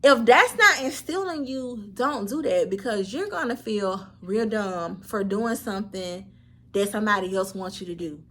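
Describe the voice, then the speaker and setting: A woman's voice: medium pitch, lively intonation, normal speed, fairly bright tone, slight background noise. A woman, telling a candid storytime vlog and talking straight to her viewers with earnest, preachy advice. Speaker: vlogger.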